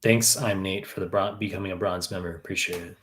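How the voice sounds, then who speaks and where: A man's voice: deep voice, steady tone, a little fast, fairly bright tone. A man in his thirties from New York, a tutor answering viewer questions on a live stream in a blunt, profane way with many fillers. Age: 30s. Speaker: exam prep tutor.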